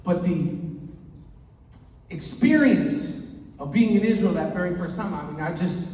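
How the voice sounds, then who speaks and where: Loud New man telling stories. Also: on the high side. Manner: animated, loud, repeats words as he talks. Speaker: comedian and storyteller. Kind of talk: live stand-up storytelling. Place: large hall, indoors. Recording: echoey hall from far off.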